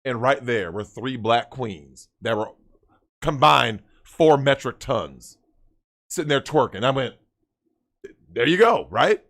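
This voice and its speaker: Brash, gravelly, bright-voiced man. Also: medium pitch, a little slow. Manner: loud, brash, exaggerated rants. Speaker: podcast guest. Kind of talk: crude livestream banter.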